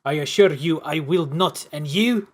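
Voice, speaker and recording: A man's voice: fairly high pitch, unhurried. A man doing a stern commissioner woman, mock Russian accent. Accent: put-on Russian accent. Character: stern female commissioner, cold, commanding.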